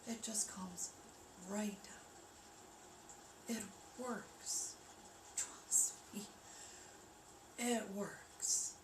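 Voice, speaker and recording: A woman hosts a calm livestream from her home, guiding listeners through breathing with slow, reassuring speech that sinks toward a hush. Her voice carries a gravelly fry. The mic sits some way off in an echoey room, with a steady hiss of noise underneath. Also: mid-range voice. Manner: soft, reassuring, slows to a hush for breathing counts. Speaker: wellness livestream host. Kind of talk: gentle guided grounding talk. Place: home room with rain sounds on the TV.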